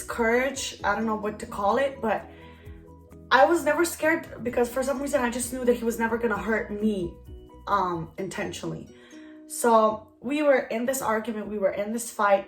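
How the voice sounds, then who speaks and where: Chatty young woman telling a story, echoey. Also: on the high side. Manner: rambling, heavy use of "like" fillers. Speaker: vlogger. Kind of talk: casual story time. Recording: roomy echo, faint background music.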